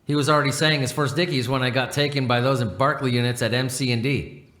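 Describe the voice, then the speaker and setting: A man's voice: mid-range voice, steady tone, fast talker, fairly bright tone, lightly acted. Wellington, a chatty coach horse read by a man. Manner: homely working-class talk, read without a put-on accent. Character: working-class male talking coach horse, proud and chatty. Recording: roomy echo.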